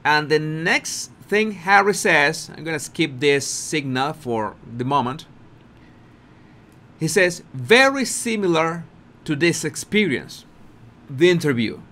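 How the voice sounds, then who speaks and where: A man's voice: a little high, takes it slowly. A man giving casual commentary on a video clip, repeating words and restarting often. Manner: repetitive, restarts often, animated with laughter.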